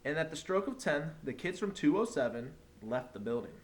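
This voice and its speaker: A man, a teacher, reading a picture book aloud in an animated storytelling manner. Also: a little high, brisk.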